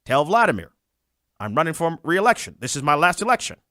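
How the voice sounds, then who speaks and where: A commentary host putting on a low, smooth, confiding voice to mimic a president. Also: very animated, a little fast, bright, forceful tone, no echo, studio quality.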